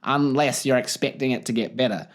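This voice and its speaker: A young man with a New Zealand accent hosting a solo comedic podcast, expressive, animated and self-deprecating. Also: medium pitch, fairly quick. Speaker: podcast host.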